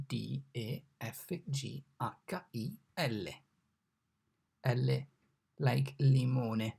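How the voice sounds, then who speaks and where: Slow, gravelly-voiced language mentor. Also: mid-range voice, darkish tone. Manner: patient, repeats each example word slowly. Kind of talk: recorded online lesson.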